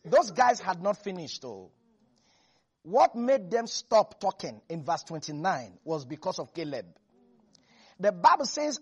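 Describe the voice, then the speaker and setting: A preacher delivering a lively sermon, laughing and acting out Bible characters. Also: mid-range voice, moderate pace, breathy edge.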